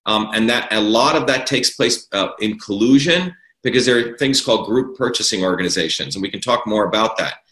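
A man's voice: lowish voice, a little fast, few pauses, a bit bright. A man arguing his political views as an interview guest, emphatic and repeating key words for stress. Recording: roomy echo.

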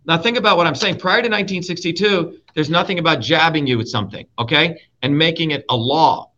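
Speaking fast, an Indian man who acts as show host and guest speaker fires off a profane, emphatic political tirade, repeating key words for force. His voice is bright, forceful, and a little high for a man, captured in somewhat dull, lo-fi audio.

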